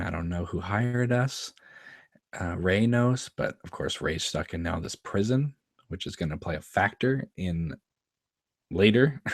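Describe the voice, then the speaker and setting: A man with a very deep voice talks casually as he comments on an episode, laughing often and repeating lines he hears on screen. The sound is close and dry, with no room echo. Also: husky. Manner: chatty, laughs often, quotes lines from the scene. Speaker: show host commenting on an episode.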